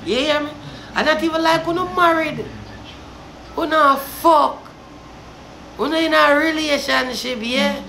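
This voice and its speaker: A young Jamaican woman vlogs a heated, cursing rant in a high voice. She drops low and somber, then flares into shouting. The room around her is echoey, with a faint hiss behind. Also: a little slow, creaky, pauses often. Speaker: vlogger. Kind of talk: ranting commentary.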